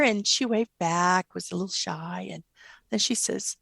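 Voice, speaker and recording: A middle-aged woman, a guest mother, telling gentle stories about her daughter in an interview. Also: fairly low pitch, measured pace, gravelly, slightly rough, no echo. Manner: tender, animated quoting of her child. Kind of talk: storytelling interview.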